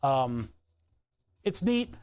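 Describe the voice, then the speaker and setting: A man's voice: medium pitch, very animated, drawn-out words, a little mellow, clean tone. A nasal-voiced American man rambling casually to his live-stream viewers while he works, laughing often. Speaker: livestreamer.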